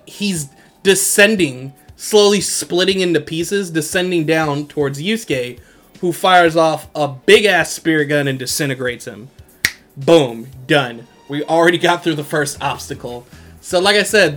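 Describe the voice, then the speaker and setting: Brief: young male podcast host, laughing and slangy recap, slightly high voice, music faint underneath. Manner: animated, slangy, laughs often. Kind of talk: casual anime recap chat.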